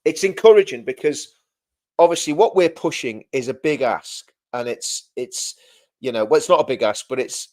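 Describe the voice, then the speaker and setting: A man's voice: medium pitch, darkish tone. A man co-hosting a casual livestream chat, talkative and repetitive, often breaking into laughter. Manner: chatty, repeats himself, laughs often. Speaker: livestream co-host.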